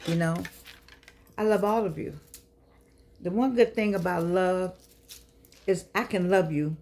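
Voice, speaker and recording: A woman's voice: fairly low pitch, fairly even intonation, measured pace, darkish tone. An older woman hosting her own show, talking to her audience in a fussing, encouraging, preachy way. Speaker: show host. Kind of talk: casual talk to camera.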